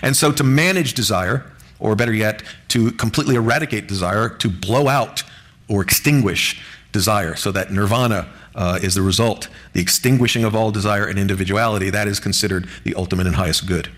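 A man preaching a sermon to his congregation in an earnest, measured way, lifting his voice on key words. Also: on the low side, a bit bright. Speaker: pastor.

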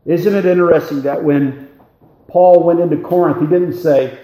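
A man preaching an expository sermon, reading scripture aloud with a deliberate, emphatic cadence. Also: fairly high pitch, mellow, echoey room, rough recording.

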